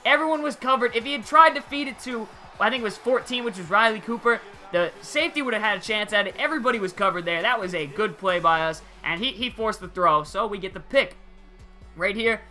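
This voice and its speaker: A young man giving casual, excitable gameplay commentary over a football video game, using slang and chuckling often. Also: high-pitched, a little fast, soft background music. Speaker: gaming channel host.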